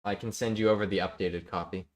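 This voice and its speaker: Guy streaming a block game, lowish voice, joking w chat. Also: fairly even intonation, fast. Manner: chatty, reads chat aloud, jokey. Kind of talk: casual live-stream chat.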